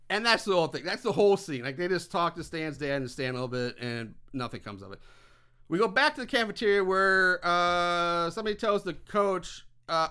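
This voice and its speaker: A man's voice: a little high, smooth. A man casually recapping a movie scene by scene on a podcast, acting out quoted lines as he goes. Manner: lively storytelling, acts out quoted lines. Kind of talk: casual profane chat.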